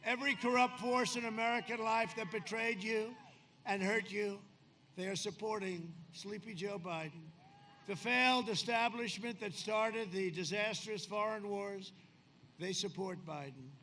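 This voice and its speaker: A man in his seventies giving a rambling, boastful campaign rally speech outdoors, swinging from shouting to quieter confiding asides. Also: high-pitched, unhurried. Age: 70s. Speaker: politician speaking at a campaign rally. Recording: outdoor rally PA with crowd noise. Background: crowd ambience.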